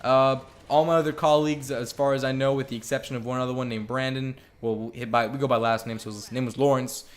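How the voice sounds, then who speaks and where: A young man talks straight to his viewers in a loose, rambling way, peppering his story with swearing and filler words. His voice sits at an ordinary middle pitch, and he comes across as candid and unguarded. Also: fairly even intonation, quick pace, hardly any pauses. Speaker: vlogger. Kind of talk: casual storytime vlog.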